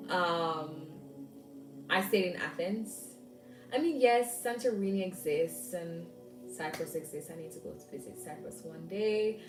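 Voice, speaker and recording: A woman's voice: on the low side, reverberant, distant mic, low-quality recording. A young woman with a Jamaican accent, chatting casually to her viewers with rambling asides and frequent laughs. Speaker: vlogger. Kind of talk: casual chat.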